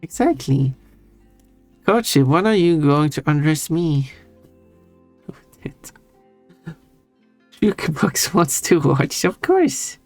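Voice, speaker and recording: Male streamer, unhurried, teasing chatter, frequent chuckles, faint music behind. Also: fairly high pitch, expressive, no echo. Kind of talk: casual chat with live chat. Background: soft background music.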